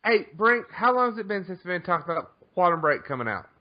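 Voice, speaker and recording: Brief: high, lively-pitched stubborn podcast co-host, dull lo-fi recording. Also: male voice, fast. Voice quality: insistent, excitable, stubborn. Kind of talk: casual gaming chat. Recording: dull lo-fi sound.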